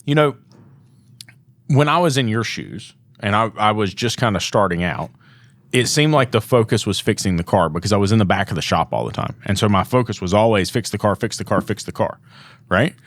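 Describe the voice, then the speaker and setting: A man's voice: fairly low pitch, expressive, brisk, fairly bright tone, dry recording. A man co-hosting a casual podcast, speaking earnestly and reflectively about advising repair-shop clients. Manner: earnest, reflective, agrees often. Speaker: podcast co-host and shop owner.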